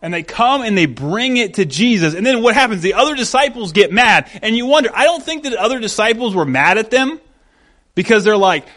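A man's voice: high voice, sing-song, a little fast, fairly bright tone. A man preaching a conversational sermon, acting out the voices of the people he quotes.

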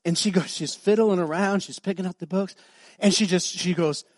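Middle-aged male pastor, high voice, lively conversational preaching, dry close sound. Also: no room sound. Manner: conversational, animated, acts out dialogue; drops to soft, slow voice for emotional moments. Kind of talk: sermon with storytelling.

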